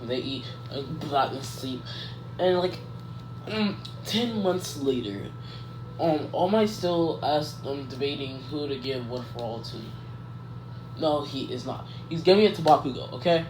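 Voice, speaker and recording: A man casually improvising a fan story out loud, rambling and correcting himself as he goes. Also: a little high, expressive, measured pace. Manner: rambling, self-correcting, lots of "like" and "um". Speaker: YouTuber telling a fan story. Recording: echoey room with faint background noise.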